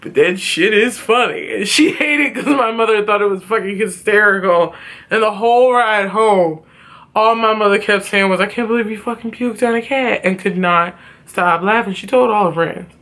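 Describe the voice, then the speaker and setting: A woman vlogger telling a story from her childhood in a casual, profane, animated way. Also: mid-range voice, normal speed.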